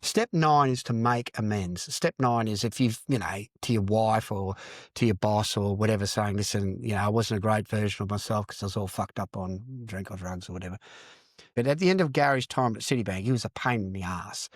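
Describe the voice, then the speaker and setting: A man's voice: lowish voice, fairly quick, no room sound, studio quality. A middle-aged Australian man telling his story in a candid interview, blunt and sweary, calling people "mate". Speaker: podcast guest, recovering addict and counsellor.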